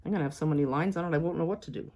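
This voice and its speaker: Low-voiced woman chatting while quilting. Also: rapid-fire, a little mellow. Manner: chatty, self-doubting, talks to viewers as "you guys". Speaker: quilting vlogger. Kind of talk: casual talk-along while sewing.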